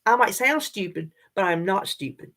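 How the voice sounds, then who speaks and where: A woman's voice: mid-range voice, moderate pace. An older woman, chatting casually and directly to her viewers in a vlog. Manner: chatty, animated, talks straight to viewers. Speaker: vlogger.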